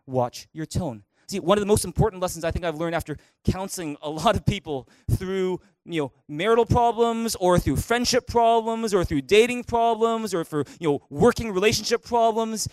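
A middle-aged man preaches in an animated way, his voice pitched high. The sound is close and dry, with little room echo. He bursts into loud acted-out quotes to make his points. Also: moderate pace, few pauses. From Canada. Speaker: pastor. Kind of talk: sermon. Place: church auditorium.

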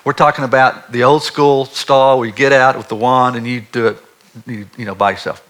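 Man preaching, bright voice, animated storyteller. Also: medium pitch, fairly quick. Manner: animated storyteller, drops to a hushed voice for God's words. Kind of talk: sermon storytelling.

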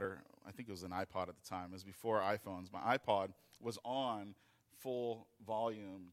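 A man's voice: fairly low pitch, fairly bright tone. A man telling a personal story in a loose, rambling way, with many fillers and restarts. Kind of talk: casual storytelling.

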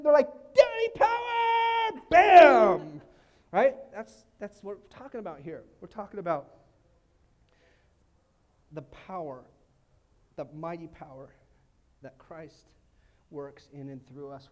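A middle-aged male pastor preaching a lively, casual sermon with sudden shouted exclamations. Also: fairly high pitch, moderate pace, long pauses. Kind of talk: energetic sermon.

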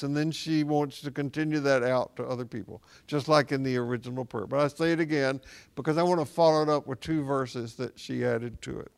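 A man, a spiritual director, talking casually about Buddhist practice as a reflective, gently wry storyteller. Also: medium pitch, fairly even intonation, fairly quick, vocal fry, clean tone.

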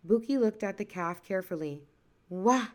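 A woman narrating a folktale in a lively, expressive storytelling voice. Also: medium pitch, a little slow.

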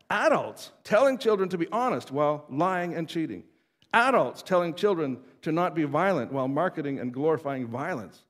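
Man preaching in a reverberant hall. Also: on the high side. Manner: conversational preaching with chuckles and quoted voices. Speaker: pastor. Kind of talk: sermon.

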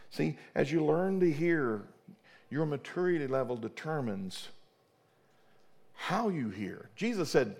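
A man's voice: mid-range voice, lively intonation, moderate pace, gravelly, darkish tone. A middle-aged man, a pastor preaching a sermon fervently, often repeating and restarting his words.

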